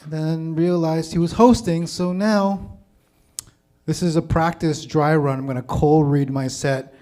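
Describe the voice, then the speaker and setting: A man's voice: a little high, steady tone, a little slow, darkish tone. A man opening his stand-up set in a casual, chatty, self-deprecating way, in a small comedy venue on a stage mic.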